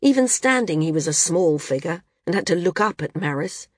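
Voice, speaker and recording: A woman reading a novel aloud as an audiobook narrator, steady and measured. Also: on the low side, no echo, studio quality. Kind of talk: scripted narration.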